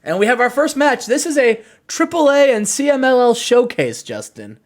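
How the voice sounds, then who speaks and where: High-voiced man narrating a wrestling game. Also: moderate pace. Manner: animated, acts out promos in character voices. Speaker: game show host. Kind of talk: narrating a wrestling sim playthrough.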